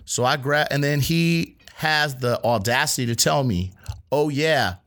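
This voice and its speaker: A man's voice: medium pitch, moderate pace. A man co-hosting a podcast, telling a work story in casual, profane chat and acting out the people in it. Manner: animated, profane, acts out quoted voices. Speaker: podcast co-host; restaurant line cook.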